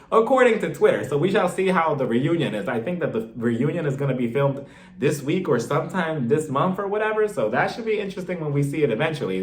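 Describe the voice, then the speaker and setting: Chatty male vlogger, gossipy recap, mid pitch, echoey room. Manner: chatty, gossipy, addresses viewers as y'all. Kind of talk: casual recap chat.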